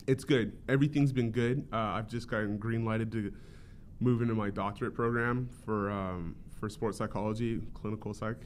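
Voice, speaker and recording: Man, young adult, lowish voice, rambling casual chat, slight background rumble. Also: a little mellow. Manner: rambling, lots of fillers and restarts. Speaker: podcast host and author, guest.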